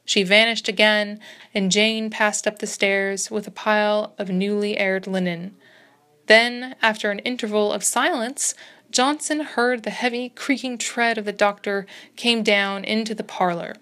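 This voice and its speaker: A woman reading a classic story aloud in a steady, even narration style, sometimes correcting herself. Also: mid-range voice, a little slow. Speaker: reader.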